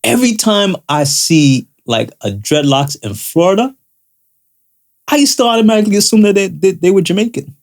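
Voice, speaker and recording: A man co-hosting a casual podcast, halting and repeating words as he thinks aloud. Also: sits high, expressive. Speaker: podcast co-host.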